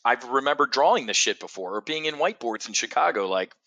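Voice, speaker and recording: Blunt, bright-voiced middle-aged man. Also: mid-range voice, lively intonation, fast talker, hardly any pauses. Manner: blunt, profane and emphatic; addresses viewers directly by name. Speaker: trading show host. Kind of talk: live market commentary.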